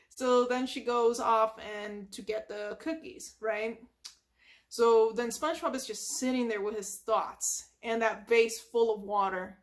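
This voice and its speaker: A woman with a high voice retelling a cartoon episode from memory for an ASMR channel. She chats along with plenty of asides and fillers. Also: steady tone, a little slow. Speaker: ASMR storyteller.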